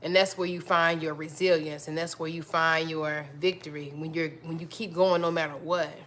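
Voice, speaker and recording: A woman's voice: deep voice, little pitch movement, moderate pace, a bit bright. A woman hosting a live stream, talking casually and encouragingly to her viewers, often repeating herself and calling them y'all. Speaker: livestream host.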